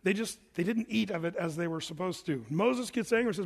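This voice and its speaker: A man preaching an evening Bible study sermon, reading scripture aloud and then explaining it in a casual, animated way. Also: sits high, brisk, creaky, long reverb tail.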